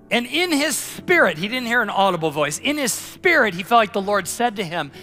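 A male pastor preaching a sermon, telling a story and then closing in prayer, rising loud for emphasis and dropping soft when he prays. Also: high voice, big pitch swings, fairly quick, hardly any pauses, faint music behind.

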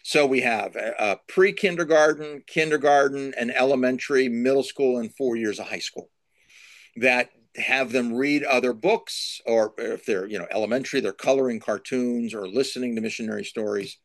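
A middle-aged man answers interview questions like a preacher, stacking lists and repeating his main points for emphasis. His voice sits at a medium pitch, recorded dry and close with no room sound. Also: moderate pace, no echo. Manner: emphatic, repeats key phrases, builds lists. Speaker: Christian author and speaker.

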